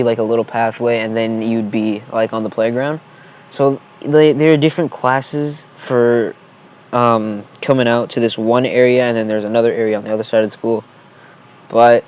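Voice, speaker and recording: A man in a storytime vlog, his voice sitting at an ordinary middle pitch. He rambles heatedly and swears constantly. The recording sounds a little dull and muffled. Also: fairly even intonation, normal speed, darkish tone, smooth. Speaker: vlogger.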